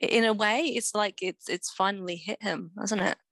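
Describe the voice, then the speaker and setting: A woman's voice: medium pitch, normal speed, no room sound. A woman reading a passage aloud expressively in a casual group discussion, then commenting on it. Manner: expressive reader.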